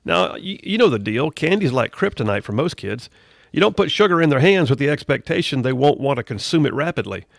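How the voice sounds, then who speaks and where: A middle-aged male radio host with a gravelly, creaky voice gives a folksy studio monologue, talking conversationally and drifting into preachy asides. The sound is dry and close, with no room around him. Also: medium pitch, lively intonation, brisk, no room sound.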